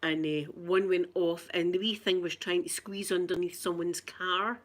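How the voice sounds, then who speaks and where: A woman's voice: fairly low pitch, steady tone, moderate pace. Chatty Scottish grandmother on a livestream. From Scotland. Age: older. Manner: chatty, warm greetings to viewers, frequent laughter. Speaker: livestream host. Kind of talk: casual live chat with viewers.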